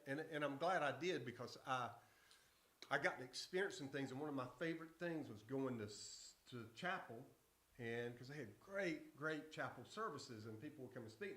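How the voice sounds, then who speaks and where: A male pastor gives a casual Bible lesson to adults in a church room that echoes around him. His voice is bright and forceful. He tells stories in a folksy, conversational way and often stops to restart his sentences. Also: mid-range voice. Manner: folksy, conversational storytelling with self-interruptions. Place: church hall.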